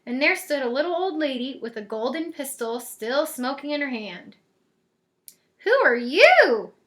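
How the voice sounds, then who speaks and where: A woman reading a picture book aloud in a lively, expressive way. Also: high voice, normal speed. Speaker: storyteller. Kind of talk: storybook read-aloud.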